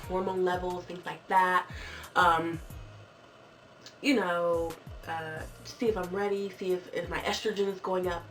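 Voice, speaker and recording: A woman in her twenties telling a story casually and jokingly on a vlog, jumping into squeaky high voices when she quotes people. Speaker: vlogger. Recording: far from the mic with clear background music.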